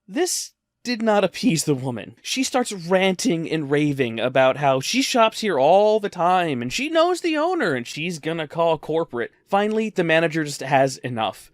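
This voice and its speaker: Male storyteller, conversational and wry, lively pitch, dry recording. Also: moderate pace, few pauses, dry recording. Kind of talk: storytime narration.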